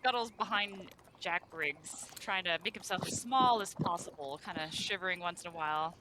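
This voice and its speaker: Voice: mid-range voice, moderate pace, noisy background. A tabletop game player who jokes and interjects questions, then narrates their character's moves.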